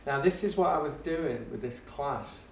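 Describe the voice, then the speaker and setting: A middle-aged education speaker and guest with a gravelly, slightly high voice talks at normal speed, recounting classroom stories to an audience. He laughs frequently and acts out his pupils, heard in a roomy, distant recording with faint ambience and a bit of background noise.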